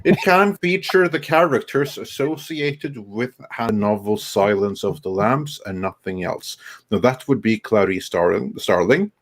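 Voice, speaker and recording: A man's voice: lowish voice, lively intonation, a little slow. A man in casual podcast chat, emphatic and matter-of-fact.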